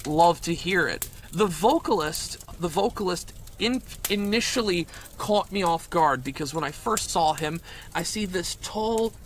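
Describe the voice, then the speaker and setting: A man in a comedic improv interview, the guest chef, telling crude stories in a deadpan way. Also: high voice, measured pace, a little hiss or hum.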